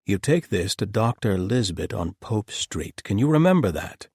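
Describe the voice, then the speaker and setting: A man's voice: on the low side, big pitch swings, normal speed, a little mellow, breathy edge, no echo, clean studio sound, pitched above the performer's own voice, full character voice. A man voicing a blunt, exasperated male doctor who talks frankly and rants. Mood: kind.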